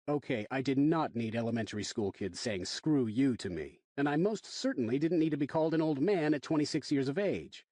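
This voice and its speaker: A man narrating a thriller audiobook in the first person, wry and expressive. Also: mid-range voice, a little fast, no echo.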